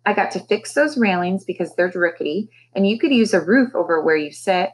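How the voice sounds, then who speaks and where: A woman voicing a spunky, excitable young girl from a storybook, with loud, breathless exclamations. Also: on the low side, fairly quick, slightly rough, low-quality recording. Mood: eager.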